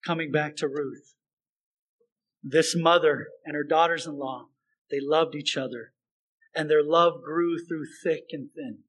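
Male pastor, sermon delivery, high voice, unhurried, emphatic repeats. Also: steady tone, a bit bright, poor audio. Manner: earnest, emphatic, repeats phrases for stress.

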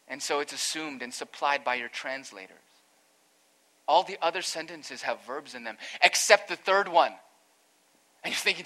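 A middle-aged man preaches a sermon in a bright, somewhat high voice. He explains the text carefully and earnestly, then builds to emphatic peaks. His tone stays clear and forceful throughout. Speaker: pastor.

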